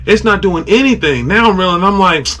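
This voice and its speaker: A man with a high, bright voice tells a story casually. His telling is animated and loose, full of "like" and little sound effects. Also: a little fast. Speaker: podcast host telling a fishing story.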